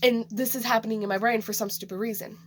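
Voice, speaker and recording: A woman's voice: fairly high pitch, fairly even intonation, quick pace, a little hiss or hum. A woman vlogger telling a story in a casual, rambling way, saying "like" a lot. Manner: rambling, heavy use of "like".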